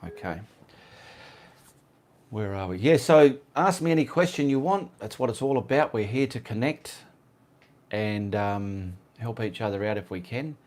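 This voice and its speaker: A man's voice: on the low side, expressive, a little slow, a little mellow. A man with an Australian accent hosting a casual live art stream at home, chatting and answering viewers' comments. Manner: chatty, reads out viewer comments, easily sidetracked.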